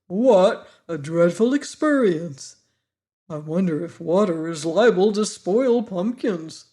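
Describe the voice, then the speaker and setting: A man reading an audiobook and voicing an anxious, polite pumpkin-headed man who talks slowly and sighs with worry. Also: sits high, expressive, dark tone. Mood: dismayed. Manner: slow, fretful, sighing delivery. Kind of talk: audiobook character voice.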